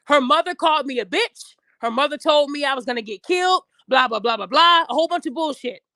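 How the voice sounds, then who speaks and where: High-pitched, blunt, profane woman ranting. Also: lively intonation, fairly quick, sharp tone, no echo. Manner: addresses listeners directly. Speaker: podcast host. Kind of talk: opinion rant to camera.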